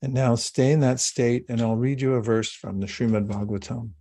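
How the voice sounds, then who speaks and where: A man giving a spiritual talk and a guided meditation, speaking slowly, calmly and soothingly with long pauses. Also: medium pitch. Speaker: spiritual teacher.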